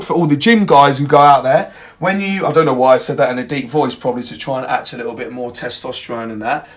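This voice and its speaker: A young man hosting a podcast, giving a blunt, emphatic motivational monologue full of swearing. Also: a little high. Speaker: podcast host.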